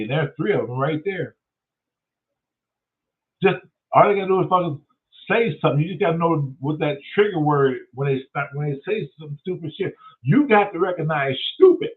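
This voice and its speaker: Profane, animated man on a tinny line. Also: a little high. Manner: profane, animated storytelling with acted-out quotes. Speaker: host. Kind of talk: casual storytelling rant. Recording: tinny phone-like sound.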